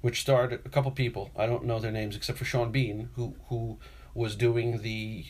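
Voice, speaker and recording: A man's voice: mid-range voice, little pitch movement, moderate pace, a little mellow. New man, podcast co-host, rambling storyteller who acts out his quotes. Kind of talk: casual chat.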